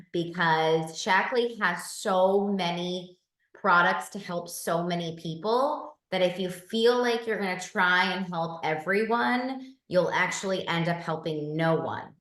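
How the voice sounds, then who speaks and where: A woman from Southern California hosting a group video call, enthusiastic and encouraging, talking in quick bursts. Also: on the low side, a bit bright, echoey room.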